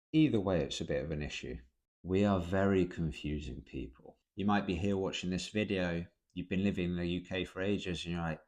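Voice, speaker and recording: A man's voice: low voice, darkish tone. A British man hosting an explanatory video, talking in a dry, understated way with wry asides. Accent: British English.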